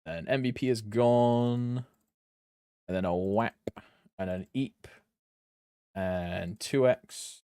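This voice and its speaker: A man's voice: fairly low pitch, takes it slowly, long pauses, dark tone, clear, resonant tone, no echo, studio quality. A young British man streaming a game, chatting loosely with viewers, rambling and swearing casually. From Britain. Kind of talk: casual live-stream chat.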